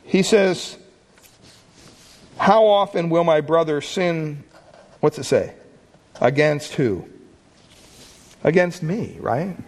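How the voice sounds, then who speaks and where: A man's voice: on the high side, takes it slowly, pauses often, a little mellow. Conversational man preaching a sermon. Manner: conversational, asks the listeners questions. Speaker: pastor.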